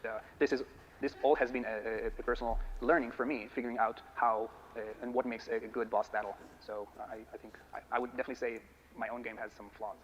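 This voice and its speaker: Fast-talking man at conference Q&A. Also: mid-range voice, level tone. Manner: thoughtful, halting, measured. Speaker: conference speaker answering questions. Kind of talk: conference Q&A answers. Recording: muffled talk recording with faint hiss.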